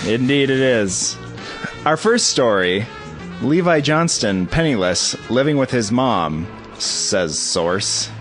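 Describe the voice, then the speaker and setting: A man's voice: mid-range voice, animated, slow, a bit bright, faint music behind. A man co-hosting a podcast in casual chat, giving short reactions and dry quips. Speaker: podcast co-host.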